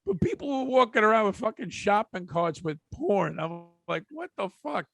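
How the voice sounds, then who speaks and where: A man's voice: sits high, lively intonation, moderate pace, vocal fry, a bit bright, no echo, studio quality. A man co-hosting a podcast, telling crude stories casually, laughing at them and chiming in with jokes. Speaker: podcast co-host. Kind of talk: casual profane storytelling.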